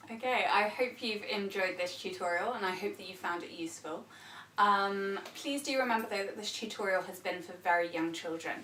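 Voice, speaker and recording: A woman teacher giving a read-aloud tutorial for early years, animated and full of gasps and animal sounds. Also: medium pitch, a little fast, slight background noise. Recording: roomy sound from a distance.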